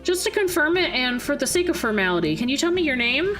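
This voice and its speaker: Woman putting on a polite male interviewer, over-the-top comic accent, high lively pitch, faint music behind. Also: fast talker. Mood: formal. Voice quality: exaggerated comic cartoon-villain accent. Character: suave male cabaret interviewer, formal and polite.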